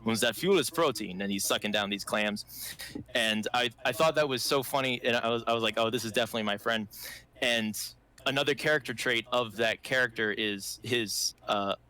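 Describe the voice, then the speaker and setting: A man's voice: mid-range voice, normal speed, sharp tone. A man hosting a casual livestream chat about writing, rambling, with frequent laughs and restarts. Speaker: host, fiction author.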